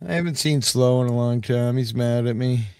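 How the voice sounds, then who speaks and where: A man's voice: mid-range voice, moderate pace, crowd noise. An older man hosting a casual livestream, rambling through stories and swearing freely. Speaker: livestream host.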